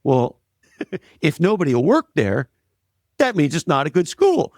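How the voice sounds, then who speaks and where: A man's voice: a little high, very animated, measured pace, no room sound, studio quality. A man speaking as an interview guest in a blunt, emphatic way, driving his points home with anecdotes. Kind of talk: conversational interview, storytelling.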